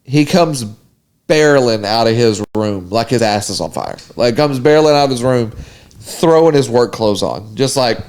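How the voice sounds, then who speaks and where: A man's voice: mid-range voice, moderate pace. A man, co-hosting a podcast and telling a story in casual chat, acting out the voices of the people in it. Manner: animated, mimics voices in stories. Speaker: podcast co-host.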